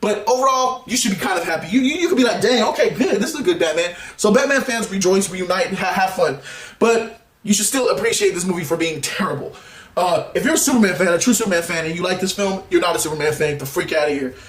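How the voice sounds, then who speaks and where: A man giving a heated, exasperated movie review rant, laughing often and bursting into shouts. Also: sits high, quick pace, roomy sound. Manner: animated, exasperated ranting with frequent laughs and sudden shouts.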